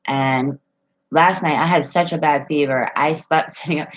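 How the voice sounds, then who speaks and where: A woman's voice: sits low, steady tone, normal speed, rough recording. A woman chatting casually on a live stream from home, reading viewer comments and telling rambling stories with frequent laughs.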